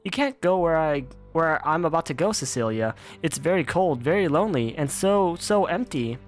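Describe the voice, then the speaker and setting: A frail mother near death speaks in a soft, slow, tender voice, pausing to cough, as a man puts her on. Her pitch moves a lot as she pleads. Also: animated, soft background music, close to an everyday voice. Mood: tender, mournful. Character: dying gentle mother, weak and coughing.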